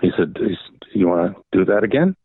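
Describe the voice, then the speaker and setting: A man's voice: sits low, lively intonation, brisk, slightly rough, dry recording. An older man, a guest on an interview podcast, telling rambling anecdotes, often circling back with "so anyway" and acting out what others said. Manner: rambling anecdotes, repeats "so anyway", acts out quoted dialogue. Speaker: guest, veteran comics editor. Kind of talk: casual interview storytelling. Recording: dry tinny phone-like line.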